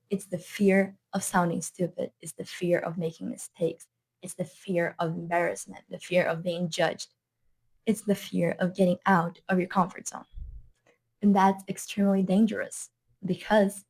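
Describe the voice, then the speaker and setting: A woman's voice: mid-range voice, a little mellow, breathy edge. Earnest woman with a non-native accent. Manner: earnest, repeats points for emphasis. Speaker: language coach. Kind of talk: motivational talk to camera.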